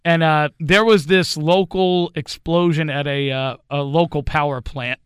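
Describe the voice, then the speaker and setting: A man's voice: fairly high pitch, steady tone, measured pace, fairly bright tone, clear, resonant tone, dry recording, studio quality. A male host and former radio producer chatting in a casual interview, telling anecdotes and laughing often.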